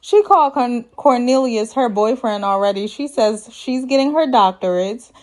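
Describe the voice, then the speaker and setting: A woman's voice: a little high, moderate pace, a little mellow. A woman hosting a casual reality TV recap, sassy and chatty, laughing at her own jokes and quoting people in put-on voices. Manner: quotes cast members in put-on voices.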